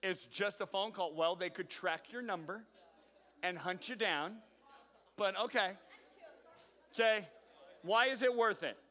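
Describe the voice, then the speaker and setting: A bright, forceful youth pastor with a high voice leads a game for teens in a big hall. His voice rings out with a long reverb, and he teases the kids by name as he calls on them. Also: measured pace, long pauses. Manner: upbeat, calls on teens by name, playful teasing. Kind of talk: leading a youth group game. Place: large hall with audience.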